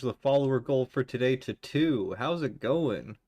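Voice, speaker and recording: A man's voice: mid-range voice, lively intonation, normal speed, hardly any pauses, darkish tone, no room sound. A young man streaming a game, chatting casually with chat and rambling with lots of fillers. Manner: rambling, filler-heavy, reads chat aloud.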